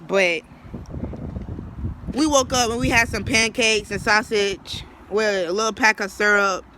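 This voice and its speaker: A man's voice: high-pitched, slight background noise, rough recording. A man telling a personal story in a casual, slangy, rambling way. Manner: slangy, rambling, animated retelling with acted quotes.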